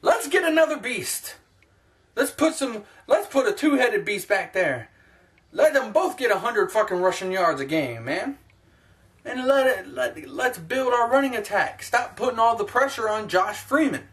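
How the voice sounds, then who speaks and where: A man's voice: very high-pitched, lively intonation, normal speed, a bit bright. A young man hosting his own sports opinion vlog, talking in a blunt, profane, ranting way. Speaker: sports vlogger.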